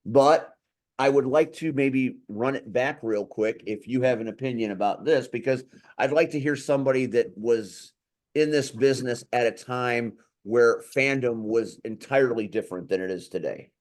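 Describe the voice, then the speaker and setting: A man hosting a casual talk show, blunt and quick to swear when he gets heated. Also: medium pitch, a little mellow. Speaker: podcast host. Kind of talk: casual chat.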